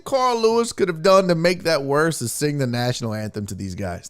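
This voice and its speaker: A man's voice: fairly high pitch, lively intonation, fairly quick, few pauses. A man hosting a sports talk show, ranting in a casual, profane way.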